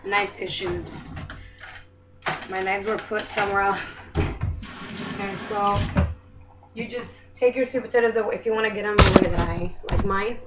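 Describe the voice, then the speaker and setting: A mid-range, fairly evenly intoned voice comes at a measured pace with frequent pauses. The young vlogger preps food casually in her home kitchen, apologetic and self-mocking, while the room echoes and background noise carries.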